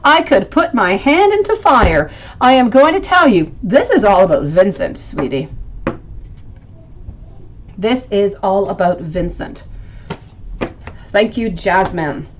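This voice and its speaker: Speaking slowly in a sing-song, medium-pitched voice, a woman pauses often as she hosts a live tarot reading. There's a slight hiss or hum, and she thinks aloud while affectionately calling viewers sweetie.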